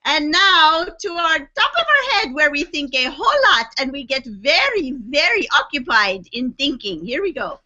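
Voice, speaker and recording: A woman's voice: sits high, sing-song, normal speed, few pauses, sharp tone, a little hiss or hum. A woman leading a laughter exercise, playful and talking in a joking put-on accent. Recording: dull lo-fi audio.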